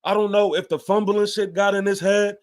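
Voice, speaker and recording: A man's voice: high-pitched, flat delivery, fairly quick. A man hosting a fan show, giving a heated, emphatic post-game rant with casual swearing and repeated points.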